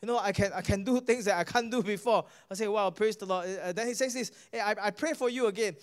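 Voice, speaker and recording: A male pastor with a Singaporean English accent, preaching a sermon and telling a healing story, often asking the crowd "guess what?" and stumbling over repeated words. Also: sits high. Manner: animated preaching, asks the crowd "guess what?" and "all right?"; halting restarts and repeated words.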